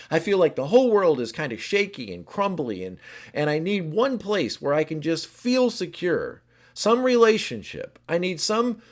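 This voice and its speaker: Animated man coaching, lively pitch. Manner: speaks in the first person for each type, animated. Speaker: relationship coach. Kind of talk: informal teaching talk.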